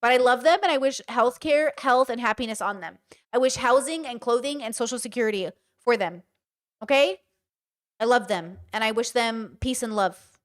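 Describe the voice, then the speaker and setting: Animated woman streamer. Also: fairly high pitch. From United States. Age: 30s. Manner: animated, rapid, emphatic. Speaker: streamer reacting to a debate. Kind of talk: live-stream reaction commentary.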